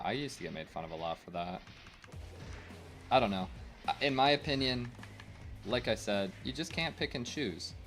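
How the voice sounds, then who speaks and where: A young man streaming a game, chatting casually to his viewers, rambling and opinionated with lots of fillers. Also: fairly low pitch. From United States. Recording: faint game music behind.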